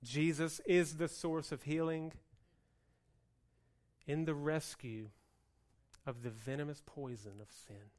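A man preaching a sermon with lively swings between loud outbursts and hushed, slow passages, acting out the people's complaints. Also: a little high. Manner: plays out the people's complaints in a whiny voice. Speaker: pastor.

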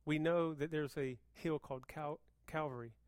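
A man preaching a sermon as pastor, moving between hushed, intense passages and loud, fervent appeals. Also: fairly high pitch, fairly even intonation, moderate pace, clear, resonant tone, dry recording, clean studio sound.

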